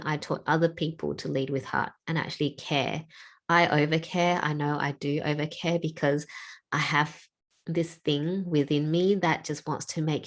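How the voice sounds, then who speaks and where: A woman speaks in an unhurried, lower voice, sharing personal reflections with sincere feeling. She talks slowly and earnestly, pausing to sigh between thoughts. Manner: emotional, tearful at times, with sighs and laughs; slow and reflective. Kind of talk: heartfelt personal talk.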